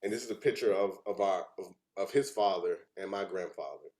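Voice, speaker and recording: A man's voice: low voice, brisk, darkish tone. A young adult man giving a heartfelt personal presentation, earnest and fighting back tears at times. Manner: earnest, chokes up with emotion.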